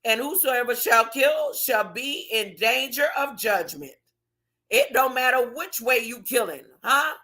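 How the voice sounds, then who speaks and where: Woman, high bright voice, unhurried, animated informal Bible teaching, rhetorical asides. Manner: animated, rhetorical, tag questions, colloquial. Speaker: preacher teaching scripture.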